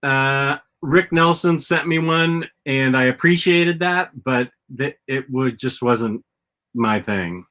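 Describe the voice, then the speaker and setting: Bright-voiced man hosting a casual chat. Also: mid-range voice, slow pace. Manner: rambling, lots of restarts and fillers. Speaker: podcast host.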